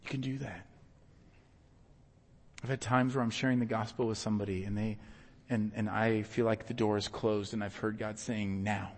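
Husky man preaching in a reverberant hall. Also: on the low side, normal speed. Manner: earnest, animated storytelling with bursts of loud emphasis. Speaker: pastor. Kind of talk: sermon with personal stories.

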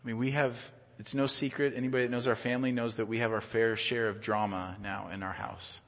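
Male pastor, conversational sermon delivery, repeats words, medium pitch, big reverberant sanctuary. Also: level tone, brisk. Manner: earnest, conversational preaching with frequent word repeats. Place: church sanctuary. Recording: long church reverb.

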